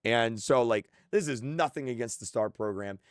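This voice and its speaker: A man's voice: mid-range voice, normal speed, dry recording. Earnest, frustrated man, dry close sound. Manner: earnest, frustrated, repeats himself in restarts. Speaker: game creator. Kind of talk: impassioned monologue.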